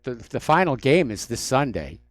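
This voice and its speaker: A man's voice: mid-range voice, sing-song, moderate pace, dry recording. A man hosting a talk radio show, delivering solo commentary in a sardonic, mocking manner. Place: radio studio.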